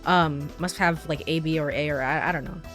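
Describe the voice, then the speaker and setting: A young woman streamer chatting casually while playing a story game, with quick laughing asides. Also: low-pitched, fairly even intonation, fairly bright tone, soft background music. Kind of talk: let's play commentary.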